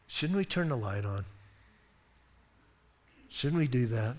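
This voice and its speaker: Enthusiastic male pastor, high voice, casual and animated, long hall reverb. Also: unhurried, long pauses. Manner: animated, conversational, enthusiastic preaching. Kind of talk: sermon. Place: church sanctuary.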